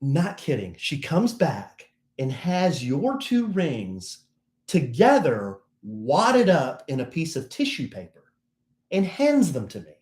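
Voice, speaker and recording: A man co-hosts a casual live stream, telling stories with a lively, swooping delivery. He acts out the other people in his tales, and the echoey room rings around his voice. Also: on the high side, takes it slowly. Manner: animated storyteller, acts out other people's lines. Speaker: co-host.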